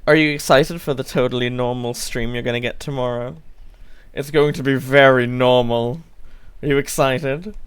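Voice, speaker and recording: A man's voice: mid-range voice, fairly even intonation, moderate pace, smooth. A man streaming a game live, chatting playfully with his viewers, rambling and swearing freely. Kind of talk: casual live-stream chat while gaming.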